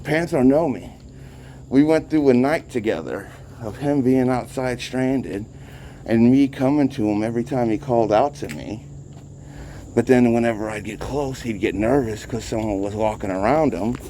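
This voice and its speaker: Somewhat out of breath, a vlogger caring for street cats chats and rambles casually as he films them outside on a handheld phone. His mid-range voice has a dark tone and a moderate pace, with slight hiss or hum.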